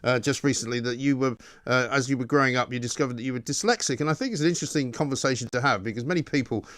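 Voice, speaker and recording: Fast-talking radio host guy, joking around, dead dry sound. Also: medium pitch, a bit bright, dry recording. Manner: quick, joking, frequent "mm" backchannels. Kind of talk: radio interview.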